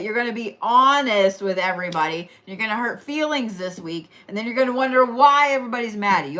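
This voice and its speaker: A woman's voice: on the high side, expressive, fairly quick, few pauses, pushed and bright. A young woman with an Oklahoma accent hosting a casual horoscope reading, tired and yawning, chatty and teasing, repeating phrases for emphasis. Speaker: astrology and reiki livestream host.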